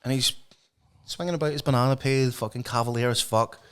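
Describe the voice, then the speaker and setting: A man, co-hosting a podcast with animated, sweary, mock-eloquent banter. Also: mid-range voice, brisk, clean tone. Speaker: podcast co-host. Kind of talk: casual banter.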